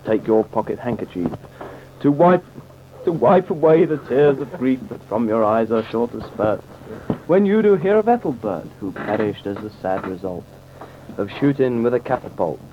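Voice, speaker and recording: A man's voice: medium pitch, expressive, normal speed. A man reciting comic verse in a mock-solemn, theatrical way, on a dull, slightly noisy old recording.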